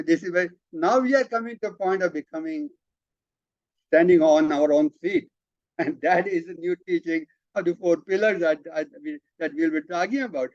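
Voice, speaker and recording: A man's voice: on the high side, darkish tone, no echo. Man, emphatic spiritual teacher. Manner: emphatic, repeats words, halting restarts. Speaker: spiritual teacher leading a study session. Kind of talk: explanatory talk, reading out and commenting. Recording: dull lo-fi, dry sound.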